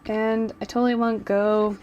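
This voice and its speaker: A woman's voice: fairly high pitch, level tone, normal speed, darkish tone, dull audio, a little hiss or hum. A woman vlogger chatting casually while she doodles, rambling and giggling like a gushing fan.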